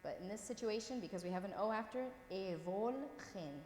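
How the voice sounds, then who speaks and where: A woman's voice: mid-range voice, racing, a little mellow. Woman teacher, patient and encouraging, roomy classroom echo, long reverb, faint background hum. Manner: patient, encouraging, checks in often. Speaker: Coptic language teacher. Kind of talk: classroom lesson, reading words aloud.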